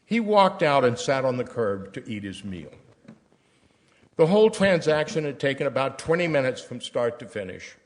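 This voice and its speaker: An older man from Tennessee, reading a personal letter aloud at a church service in a measured, storytelling way. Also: medium pitch, sing-song. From Tennessee, US South.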